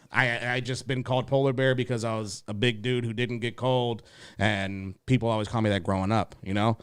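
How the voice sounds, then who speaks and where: A man's voice: on the low side, smooth, no room sound, clean studio sound. Laid-back profane man telling stories. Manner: laid-back, profane, heavy fillers, acts out quotes in raised voice. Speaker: comedian guest. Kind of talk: casual podcast storytelling.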